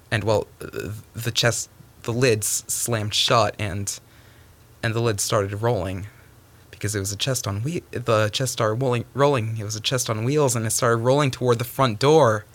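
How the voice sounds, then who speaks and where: Animated man telling a folktale. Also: mid-range voice. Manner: animated, stumbling restarts, sudden hushes. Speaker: storyteller.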